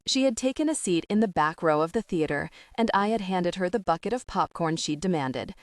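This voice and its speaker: Brief: female audiobook narrator, steady, lower range, dry studio sound. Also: brisk, no room sound. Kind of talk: scripted narration.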